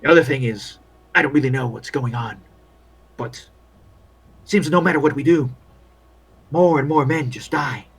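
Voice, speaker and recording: A man's voice: medium pitch, moderate pace, gravelly, long pauses, slightly rough. A man voicing a weary, bitter male army officer at a field hospital, who grumbles and then bursts out in complaints. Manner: bitter, complaining, with rising outbursts.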